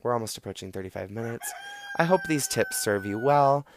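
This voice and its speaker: A man's voice: mid-range voice, lively intonation, a little fast, background noise. A man hosting a casual solo talk show, giving advice in a rambling, sarcastic way with lots of fillers and restarts. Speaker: podcast host.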